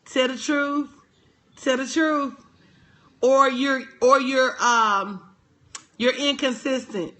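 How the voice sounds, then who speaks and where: Woman consultant hosting a motivational livestream from a phone, high and bright, big on call-and-response. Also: fairly even intonation, takes it slowly, long pauses. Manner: call-and-response, greets viewers by name. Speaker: business consultant.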